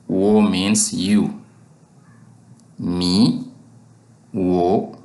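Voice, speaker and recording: Slow, deep-voiced man teaching a language. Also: a little mellow, roomy sound. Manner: patient, repeats words for drill. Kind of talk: spoken language lesson.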